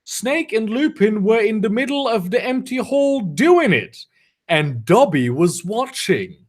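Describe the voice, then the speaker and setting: A man reads a badly written story aloud in a high, bouncing voice and keeps stopping to mock it. His tone stays sarcastic and amused. His pitch swings a lot from line to line. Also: very animated, a little slow. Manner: sarcastic, mocking commentary between read lines. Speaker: reader of fan fiction. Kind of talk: comedic dramatic reading with asides.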